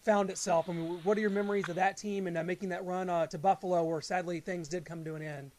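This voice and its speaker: A man's voice: high voice, fairly even intonation, fast talker, slight background noise. A male sports show host rambling through a list of names before asking his question. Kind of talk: casual sports talk interview.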